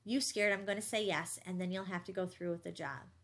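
A woman's voice: on the low side, fairly even intonation, fairly quick, fairly bright tone. A woman voicing a proud young man in an audiobook, reproachful and stubborn, lecturing his rival.

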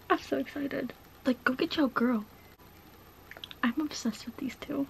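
A young woman chatting casually in a reading vlog, gushing and excitable, with lots of "like" in her talk. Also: high-pitched, a little slow, gravelly, slight background noise. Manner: gushing, excitable, says "like" a lot. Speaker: book vlogger.

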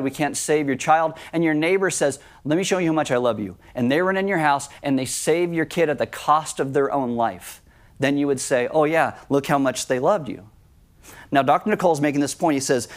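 Guy preaching a sermon at church, kinda high voice, emphatic, acts out the quotes. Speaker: pastor.

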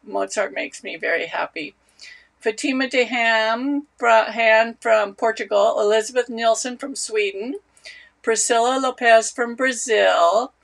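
A woman's voice: on the high side, measured pace, creaky. A woman hosting a knitting live stream, chatting casually and greeting viewers by name. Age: older. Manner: warm, chatty, reads out viewer names.

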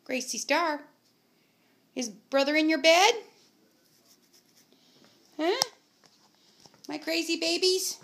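A woman's voice: sits high, gravelly, fairly bright tone. A woman at home talking to her dogs in a coaxing, playful way, asking them lots of questions. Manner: coaxing, playful pet talk with many questions. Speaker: dog owner. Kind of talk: casual home video talking to pets.

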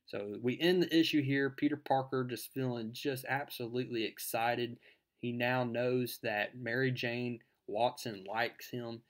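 A man's voice: mid-range voice, steady tone, a little slow. A man casually retelling a comic book issue in a chatty, amused way.

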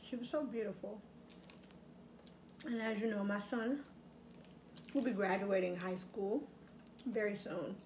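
A woman's voice: mid-range voice, unhurried, pauses often, a little mellow, slight background noise. A middle-aged woman chatting casually while she eats at home, reflective and reminiscing, with lots of fillers. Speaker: mukbang vlogger. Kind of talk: casual chat while eating. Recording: echoey room with faint ambience.

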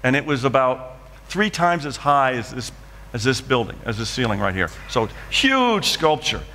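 A man's voice: mid-range voice, big pitch swings, normal speed, pushed and bright, in a large hall, slight background noise. A man preaching a dramatic testimony in church, acting out scenes from his story. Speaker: guest preacher. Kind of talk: sermon testimony.

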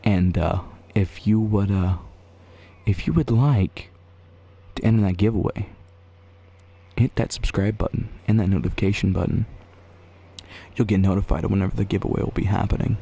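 A man streaming a game, chatting casually with viewers in a goofy, rambling way that jumps into excited yelps. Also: fairly low pitch, moderate pace, gravelly, long pauses, husky. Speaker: gaming streamer. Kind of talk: casual live-stream chat.

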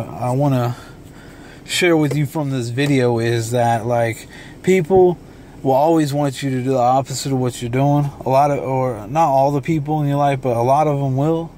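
A young man talking in a relaxed, rambling vlog monologue from a dark room at home, swearing freely. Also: mid-range voice, slight background noise. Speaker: vlogger and beatmaker.

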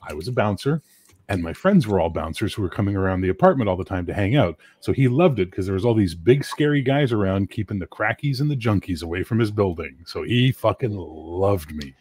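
A man's voice: fairly low pitch, animated, fairly quick, darkish tone, slightly rough, no echo. A man telling stories in a casual podcast chat, emphatic and full of swearing. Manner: profane, emphatic storyteller.

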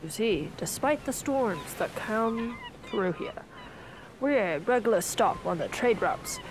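A woman's voice: fairly high pitch, expressive, slow pace, background noise. Woman putting on a formal male mayor. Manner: formal, old-fashioned speech. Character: pompous middle-aged male town mayor.

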